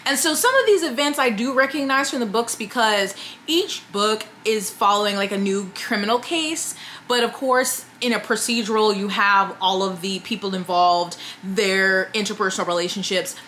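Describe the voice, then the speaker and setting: Bright-voiced chatty woman reviewer. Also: medium pitch, slight background noise. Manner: chatty, opinionated, with fillers and quick asides. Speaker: book reviewer. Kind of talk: casual chat to camera.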